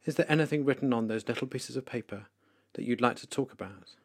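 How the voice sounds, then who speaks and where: A man voicing Jesus as a gentle, kind, forgiving adult man, speaking softly and tenderly. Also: medium pitch, fast talker, lightly acted. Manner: soft, hushed and tender.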